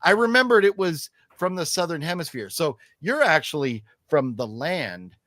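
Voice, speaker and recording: A man's voice: a little high, very animated, moderate pace, a bit bright, no room sound, clean studio sound. A man hosting a casual live stream, chatting and reading viewer comments aloud with lots of fillers. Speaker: host.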